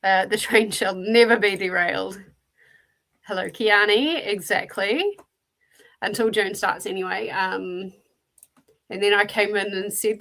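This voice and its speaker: A woman with a New Zealand accent hosts a relaxed livestream, her voice carrying a gravelly, fry-touched edge. She chats loosely and greets viewers one by one as she reads and answers their messages. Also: mid-range voice, a little slow, long pauses. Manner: chatty, greets viewers by name and answers chat. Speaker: livestream host. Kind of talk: casual livestream chat.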